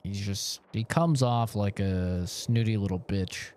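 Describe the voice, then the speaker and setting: A man's voice: on the low side, a little slow, a little mellow, slight background noise. A man streaming a video game, giving live commentary full of profane jokes and banter aimed at the characters on screen. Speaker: gaming streamer.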